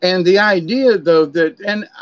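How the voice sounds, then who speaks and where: A middle-aged man talks in a somewhat high voice, chatting along and wandering between stories. The recording is dry and a little dull. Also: unhurried, no room sound. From Florida, USA. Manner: chatty storyteller, drifting off on tangents. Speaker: vlogger. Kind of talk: rambling casual monologue.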